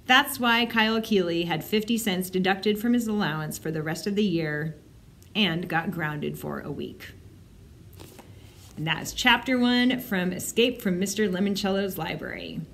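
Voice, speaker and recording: A woman librarian reading a children's book aloud with expressive storytelling. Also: medium pitch, unhurried, a little hiss or hum.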